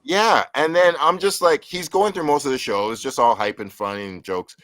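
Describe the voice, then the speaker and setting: A man casually telling a lively story on a live talk show, acting out what people said with sudden jumps in pitch. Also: normal speed, no echo. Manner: animated, acts out quotes with big pitch jumps. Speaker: co-host.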